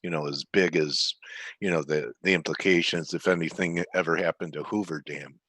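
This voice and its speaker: A man's voice: low voice, steady tone, normal speed, a bit bright, breathy edge. A man co-hosting a webinar, chatting casually with hesitant questions and joking asides. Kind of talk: casual chat.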